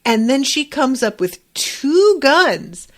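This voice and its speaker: A woman's voice: high-pitched, slow pace. A woman podcast host recapping an anime episode in casual chat, acting out lines and swearing freely. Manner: animated retelling with acted-out quotes, swearing.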